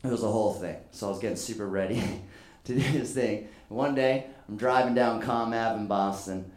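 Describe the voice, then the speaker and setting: A man's voice: fairly low pitch, fairly quick, darkish tone. A man doing stand-up storytelling at a live show, conversational and self-deprecating. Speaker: guest comedian. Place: comedy venue stage. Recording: echoey live venue.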